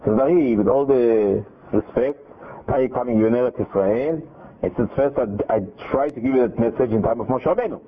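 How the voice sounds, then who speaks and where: Speaking briskly in a mid-range voice, a man narrates a Torah story over the phone, lively and full of quoted speech and restarts. The line sounds tinny.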